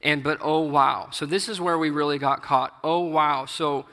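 A man preaches an informal sermon, reading scripture and then explaining it in plain, earnest talk. His voice is bright and forceful, and it is heard with a long reverb from a large hall. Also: a little high, fairly even intonation, normal speed, vocal fry. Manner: earnest, conversational, reads scripture aloud with rising emphasis. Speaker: lay preacher.

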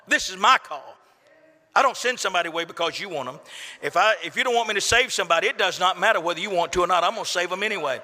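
Male preacher, fairly high, very bright and forceful tone, folksy delivery, church reverb. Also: fast talker. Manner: folksy storytelling, building to impassioned peaks. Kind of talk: sermon. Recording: echoey hall reverb.

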